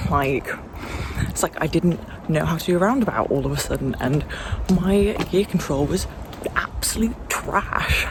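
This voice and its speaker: A woman's voice: low-pitched, background noise. A young woman in her twenties vlogging casually to camera, frank and sweary, venting with self-mocking humour. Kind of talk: casual vlog chat to camera.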